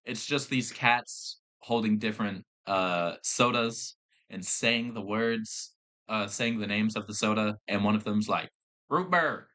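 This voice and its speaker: A man's voice: lowish voice, steady tone, a little slow, sharp tone. A young man, hosting a podcast and telling rambling stories full of swearing and fillers. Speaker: podcast host. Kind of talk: casual storytelling chat.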